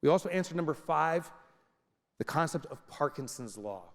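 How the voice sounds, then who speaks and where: Male keynote speaker, animated storyteller; high, lively voice in a reverberant hall. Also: normal speed. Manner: animated storytelling, acts out scenes. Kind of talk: comedic motivational talk to a live audience. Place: large venue with audience.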